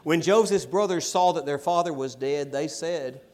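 A middle-aged man preaching a sermon and reading scripture, with emphatic stresses and quiet asides. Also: a little high, moderate pace. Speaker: pastor.

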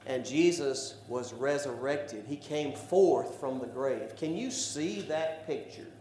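A man preaching a sermon, building to loud emphatic declarations. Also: mid-range voice, takes it slowly. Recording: echoey room with faint background noise.

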